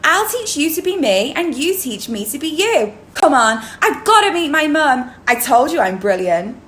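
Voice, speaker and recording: A woman reading as an excitable ten-year-old tomboy girl who talks in a breathless, boastful, eager way. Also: high voice, moderate pace, voice pushed up. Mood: excited scheming. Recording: roomy echo.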